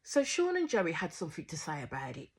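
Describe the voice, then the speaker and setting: A woman's voice: low voice, huge pitch swings, a little fast, breathy edge. A woman giving casual, outspoken reaction commentary on a reality show, swearing freely as she retells events.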